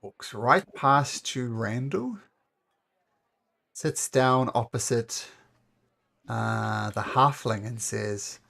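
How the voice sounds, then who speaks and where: Slow-paced man narrating a tabletop game. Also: mid-range voice, creaky, bright, forceful tone. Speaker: game master.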